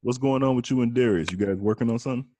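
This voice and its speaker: A man's voice: medium pitch, racing, mellow, slight background noise. A man hosting a podcast, asking a guest questions with an eager fan's enthusiasm. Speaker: podcast host. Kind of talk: casual interview questions.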